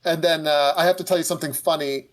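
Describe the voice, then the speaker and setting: Male guest, lively storyteller, somewhat high voice. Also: quick pace. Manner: storytelling, animated retellings of conversations. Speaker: podcast guest, book co-author. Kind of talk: casual chat.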